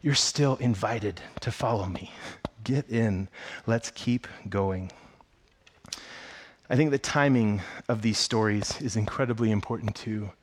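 A man preaching a sermon. He tells the story with excitement and acts out the characters' lines in a higher voice. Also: unhurried, husky. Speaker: pastor.

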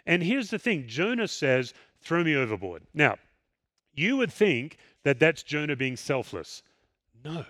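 A man's voice: fairly high pitch, a little slow, no echo, studio quality. A man preaching a sermon in a conversational, storytelling way, acting out the people in the story. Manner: conversational, animated storytelling with acted quotes. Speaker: pastor.

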